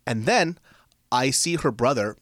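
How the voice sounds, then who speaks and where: Expressive man with a lively, swinging pitch. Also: unhurried, no echo, studio quality. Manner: expressive, swears freely, jumps to high pitch for quotes. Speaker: podcast host. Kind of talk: casual storytelling chat.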